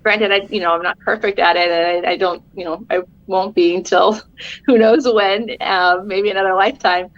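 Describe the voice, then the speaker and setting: A woman's voice: mid-range voice, fairly even intonation, normal speed, dry recording, dull audio. A middle-aged woman, a podcast guest, talking earnestly and encouragingly in casual conversation, laughing often.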